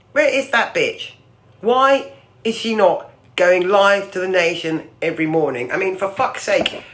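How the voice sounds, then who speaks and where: A woman with a British accent hosting a livestream, ranting with sarcasm and swearing through the morning's newspaper headlines in a loud, projecting voice. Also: medium pitch. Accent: British English. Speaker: livestream host.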